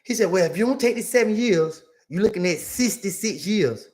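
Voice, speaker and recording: A young man, telling a story to his chat in a casual, animated way and acting out the other people's voices. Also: sits high, a little fast.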